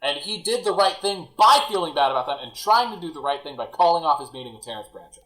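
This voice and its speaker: A man's voice: fairly high pitch, lively intonation, fast talker, a bit bright, roomy sound, poor audio. A man guesting on a casual podcast, making wry, joking asides.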